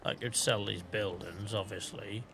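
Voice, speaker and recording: A man's voice: on the low side, steady tone, a little slow, vocal fry, over music. A tired man with a headache, casually chatting to his live-stream viewers while playing, thinking aloud and swearing now and then. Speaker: game streamer.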